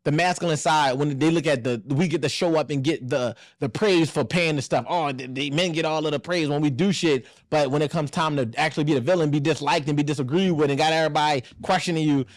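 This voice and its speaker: A man in his thirties hosting a casual podcast discussion, animated and blunt, acting out family voices and swearing freely. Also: on the high side, fast, hardly any pauses, no room sound, studio quality. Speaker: podcast host.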